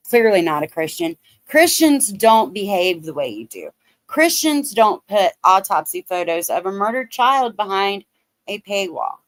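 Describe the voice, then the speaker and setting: A woman with a Southern Ohio accent and a mid-range voice comments on a livestream as a drama commentary streamer. She rants bluntly and with plenty of profanity, and the recording is dry.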